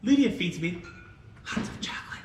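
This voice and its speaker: A man's voice: sits high, lively intonation, moderate pace, a little mellow, a little hiss or hum, pitched above the performer's own voice. Game figure: a shy, wild little orphan girl, played by a man, short and blunt, heard at a distance in an echoey room. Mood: defiant. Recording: roomy, distant mic, music behind.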